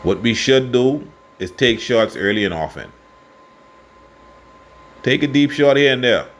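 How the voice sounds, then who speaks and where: A Bahamian man giving casual football commentary and predictions, passionate and quick to get worked up. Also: mid-range voice, animated. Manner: passionate, gets worked up and loud. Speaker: sports fan vlogger.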